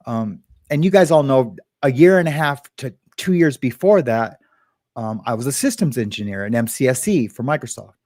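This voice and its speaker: A man's voice: medium pitch, animated, normal speed, darkish tone, no room sound, studio quality. A man hosting a casual livestream, greeting viewers by name in a rambling, filler-heavy way. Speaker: livestream host.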